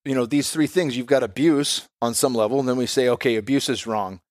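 A man's voice: medium pitch, fairly even intonation, a little fast, no room sound, clean studio sound. A man in his thirties, a podcast guest and father, talking in a candid, reflective way and swearing casually.

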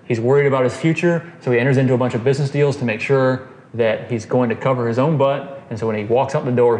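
Bible study leader, male, mid-pitched, easygoing teaching talk, recorded in an echoey room with faint hiss. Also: a little mellow. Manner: casual, quizzes the group, frequent "okay" and "right". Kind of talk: conversational scripture teaching. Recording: roomy echo, faint noise.

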